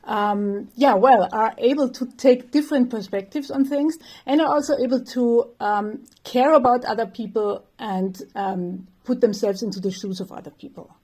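A woman's voice: on the high side, moderate pace, hardly any pauses, warm tone. A woman professor, answering interview questions thoughtfully, with light laughs and some fillers. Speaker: developmental psychology professor, guest.

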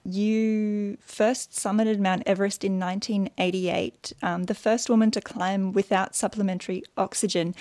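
A woman interviewer asking clear, composed questions. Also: mid-range voice, a little mellow, no echo, studio quality.

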